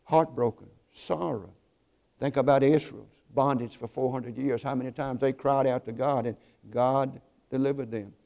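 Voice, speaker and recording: A man preaching a sermon, telling stories earnestly and slowing down to stress key points. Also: mid-range voice, steady tone, vocal fry, darkish tone. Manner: earnest storytelling, slows for emphasis.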